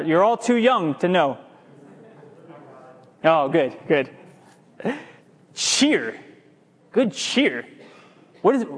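High-voiced preacher in an echoing church. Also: male voice. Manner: lively preaching, stretches key words, stumbles and restarts. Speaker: pastor. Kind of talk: sermon. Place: church sanctuary. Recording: long hall reverb.

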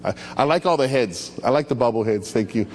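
A man preaching a sermon as pastor, animated and playful, calling out to his congregation and asking them to repeat after him. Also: medium pitch, brisk. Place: church hall. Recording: echoey hall with faint hum.

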